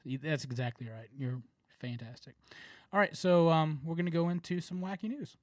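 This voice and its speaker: In a casual podcast chat, a male co-host with a Southern American accent laughs, rambles and leans heavily on fillers. His voice is on the high side, and he talks at a moderate pace. There's no room sound.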